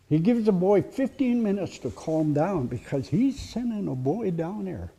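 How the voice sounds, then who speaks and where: A man telling a story live at a heritage center presentation, with dramatic pauses and drops to a whisper for suspense. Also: sits high, expressive, creaky, dark tone, breathy edge.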